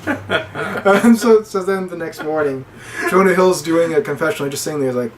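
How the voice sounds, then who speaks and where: A young man recapping a film in casual chat, animated and laughing often as he acts out lines in put-on voices. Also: a little high, moderate pace, a loud crowd. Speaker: movie reviewer. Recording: distant mic with faint noise.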